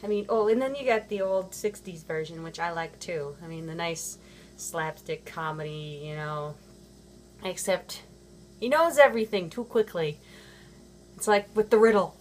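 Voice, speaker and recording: A woman's voice: medium pitch, lively intonation, moderate pace. A woman vlogger talking casually to camera, rambling with many fillers and restarts. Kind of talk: casual chat.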